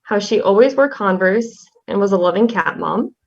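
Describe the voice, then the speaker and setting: Young woman reading a tribute poem, soft and halting, kinda dull lo-fi audio. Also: mid-range voice, lively intonation, gravelly. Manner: soft-spoken, halting with fillers. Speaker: class representative.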